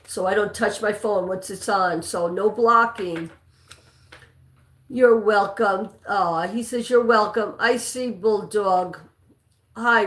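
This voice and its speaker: A woman hosting a live trivia stream, chatting casually and reading out viewer names and answers, with a non-native English accent. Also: medium pitch. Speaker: livestream trivia host. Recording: echoey room.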